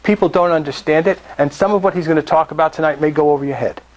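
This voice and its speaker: A man's voice: a little high, fast, low-quality recording. A man co-hosting a meetup, introducing the next speaker in a plain, encouraging way. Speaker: meetup co-host.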